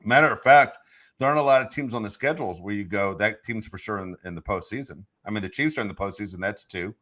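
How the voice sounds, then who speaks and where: A man's voice: fairly low pitch, fast talker, fairly bright tone. A man hosting a sports podcast, frustrated and emphatic in casual chat. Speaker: podcast host.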